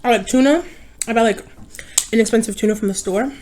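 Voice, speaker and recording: A woman's voice: on the high side, fairly quick, darkish tone, a little hiss or hum. A young woman in casual chat while eating, tired and rambling, often correcting herself. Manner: rambling, easily distracted, self-correcting. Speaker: mukbang vlogger. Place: home.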